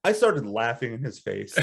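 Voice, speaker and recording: A man co-hosting a casual podcast chat, telling a story in an animated way and breaking into high laughter. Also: background noise. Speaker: podcast co-host.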